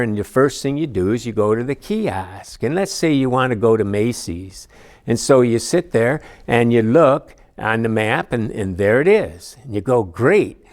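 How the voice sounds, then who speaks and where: A man giving a conversational church lesson, telling personal stories with frequent asides. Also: medium pitch. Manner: storytelling with personal anecdotes, many asides. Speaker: church teacher. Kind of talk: conversational teaching talk.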